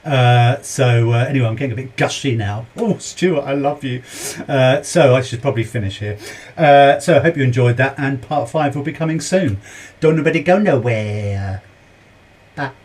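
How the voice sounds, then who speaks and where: A British man talks casually to camera as a reaction host. He speaks at a middle pitch, hesitant and full of ums. He restarts his sentences as he goes and keeps gushing with admiration. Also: normal speed, a little mellow. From Britain.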